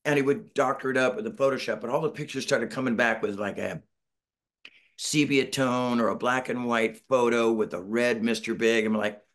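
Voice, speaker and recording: A middle-aged band member, interviewed over a video call from his Northern California home, tells a rambling story in a casual way. His mid-range voice is a bit bright, with fairly even intonation and normal speed, and he acts out quotes while poking fun at himself.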